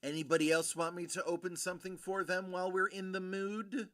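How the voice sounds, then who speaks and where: A man's voice: high voice, flat delivery, a little fast, fairly bright tone. A young man streaming late at night, sleepy and rambling in casual chat. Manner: drowsy, rambling.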